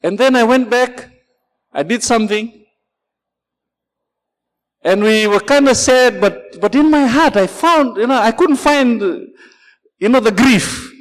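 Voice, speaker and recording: A man's voice: extremely high pitch, unhurried, pauses often, big-room sound, rough recording. A man preaching a sermon as pastor, telling a story and calling out "Amen" and "Praise the Lord" to his congregation.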